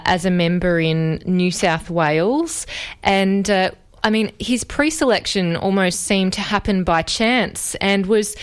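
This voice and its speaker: A woman with a smooth, resonant voice pitched on the lower side hosts a history interview. She builds her questions slowly, circling through several points before landing on the ask. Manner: asks long, winding questions. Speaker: interview host.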